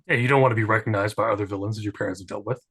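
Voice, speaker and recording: A man's voice: on the low side, fairly even intonation, very fast, a bit bright, husky. A man narrating as game master in a tabletop game, chatty and loose, with plenty of fillers.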